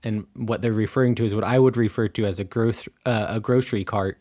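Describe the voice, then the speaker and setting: A man's voice: lowish voice, fairly even intonation, fairly quick, darkish tone. Rambling American man, casual podcast chat. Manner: loose, rambling, heavy on "like" and "um". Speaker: podcast co-host.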